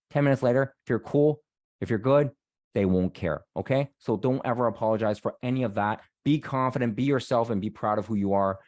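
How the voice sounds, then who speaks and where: A man's voice: medium pitch, fairly quick, a little mellow, no echo, clean studio sound. A man giving a casual, repetitive career-coaching talk, often asking "right?" to his listeners. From Canada. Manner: chatty, repeats himself, frequent "right?". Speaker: career coach and guest speaker.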